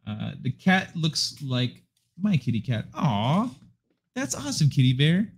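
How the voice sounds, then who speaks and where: A man's voice: fairly high pitch, very animated, unhurried, husky. Laid-back man rambling to his viewers. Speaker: livestream host. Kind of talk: casual chat with viewers. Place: living room of his apartment. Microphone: desk microphone.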